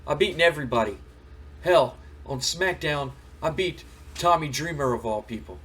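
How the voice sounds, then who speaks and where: A man voicing a tough, boastful male brawler who challenges everyone loudly. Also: on the high side, lively intonation, moderate pace, slightly rough, recorded from a distance.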